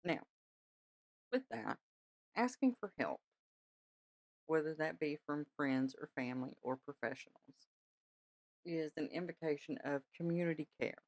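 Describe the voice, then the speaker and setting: A woman's voice: deep voice, animated, unhurried, pauses often, a little mellow, dry recording. Lady podcasting, chatty and reassuring, keeps checking in, dry close mic. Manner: chatty, reassuring, many "all right?" check-ins. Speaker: podcast host. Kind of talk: casual spiritual talk.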